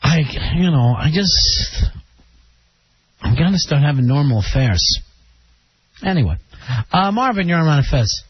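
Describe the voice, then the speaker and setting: A man hosting a call-in radio show, teasing callers with quick jokes. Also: a little high, sing-song, slightly rough. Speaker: radio host. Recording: dull lo-fi radio broadcast with faint hiss.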